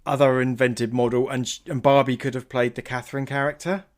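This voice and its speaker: A man talking as a podcast guest in casual chat, animated, laughing and tripping over his words. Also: medium pitch, brisk.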